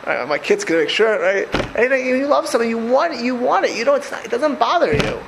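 High-voiced older man teaching a class. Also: very animated, fast talker, creaky, noisy background. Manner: conversational, rhetorical questions, repeats phrases. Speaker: religious teacher. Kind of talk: Torah class lecture.

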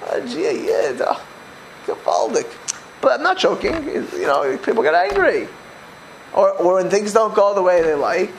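A man teaching a Torah class, animated, with many restarts and repeated words. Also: sits high, normal speed, gravelly, slight background noise, rough recording. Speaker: religious teacher.

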